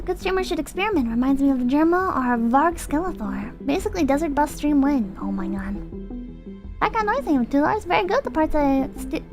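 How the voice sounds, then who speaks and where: A young woman streamer chatting casually and rambling self-consciously as she reads viewer comments. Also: high voice. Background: background music.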